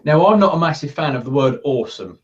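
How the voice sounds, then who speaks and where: A man's voice: a little high, animated, fast talker. A man speaking as a coaching guest in a casual interview from his office, earnest and acting out the thoughts he quotes. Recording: distant, muffled sound.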